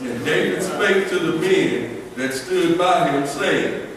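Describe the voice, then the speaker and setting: A man reading scripture aloud in a steady, measured way for a study group. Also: on the high side, heavy reverb, in a large hall, far from the mic, a crowd in the background, low-quality recording. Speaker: scripture reader.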